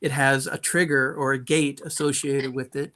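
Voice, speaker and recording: A man's voice: mid-range voice, level tone, normal speed, sharp tone. A man on an online call, explaining synthesizer gear in a rambling, casual way, often restarting his words. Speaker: co-host of a modular synth stream. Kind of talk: casual technical chat.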